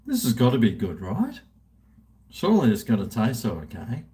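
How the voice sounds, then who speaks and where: A man in his late fifties hosts a livestream from home indoors, rambling casually, mocking himself and talking to himself while he drinks. His medium-pitched voice swoops wildly, dark in tone and at normal speed.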